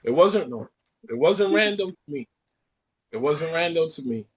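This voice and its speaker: A Caribbean man hosting a podcast, ranting in an animated way and repeating lines for effect. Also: on the high side, moderate pace, breathy edge. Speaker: podcast host. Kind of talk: casual chat.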